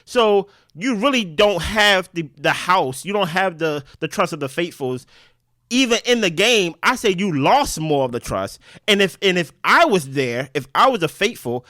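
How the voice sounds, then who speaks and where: A podcast co-host with a fairly high voice recaps a game strategy casually, speaking fast and animated and tossing in "right?" as he goes. The recording is close and dry with no room sound.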